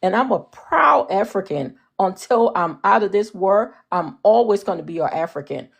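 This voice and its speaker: A woman in her forties with a Liberian accent, speaking as a panelist and defending herself in a forceful, lecturing way. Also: medium pitch, animated, moderate pace, gravelly. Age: 40s. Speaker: panelist on a live audio discussion. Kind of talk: heated discussion.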